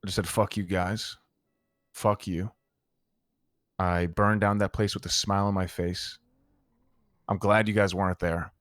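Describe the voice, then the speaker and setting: Low-voiced man telling a heated story. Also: level tone, moderate pace, fairly bright tone, dry recording, clean studio sound. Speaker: roleplay gang member recounting events. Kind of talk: in-character roleplay chat.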